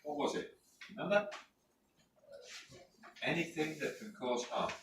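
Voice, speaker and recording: Fairly high in pitch and animated, this man from the North of England teaches a safety class, chatting, telling stories and quizzing students while tagging on "right?". It was captured in a training room on a distant mic, roomy with a little background noise.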